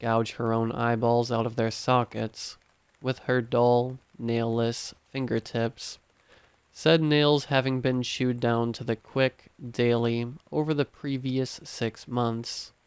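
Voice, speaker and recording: Brief: male narrator for scripted horror reading, steady delivery, dry close sound. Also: medium pitch, takes it slowly, clean tone, no room sound.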